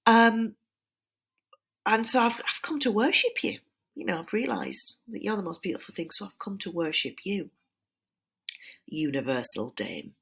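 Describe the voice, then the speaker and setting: A woman voicing a sly, flattering male serpent tempter, wheedling and dropping into breathy whispers. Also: medium pitch, normal speed, long pauses, heavily acted. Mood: awestruck. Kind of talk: dramatized reading of a poem.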